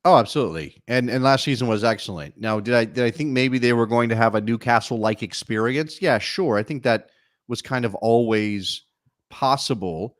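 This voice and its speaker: A man co-hosting a soccer talk show, talking in an animated, wry way with many quick restarts. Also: mid-range voice, no room sound, clean studio sound. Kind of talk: casual sports talk.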